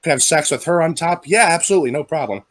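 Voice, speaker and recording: Guy on a late-night group call, steady storyteller, dry close sound. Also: fairly high pitch, no echo. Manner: smooth storyteller, quick voice changes for quoted characters. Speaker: podcast regular telling jokes. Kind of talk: casual group chat, telling jokes.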